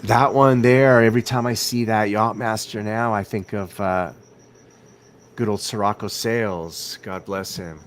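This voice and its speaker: A man with a very low voice hosts a casual late-night livestream from home. He rambles, repeats himself and keeps asking his viewers whether they agree. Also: steady tone, unhurried, slight background noise. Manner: rambling, repeats words, asks viewers questions. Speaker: livestream host.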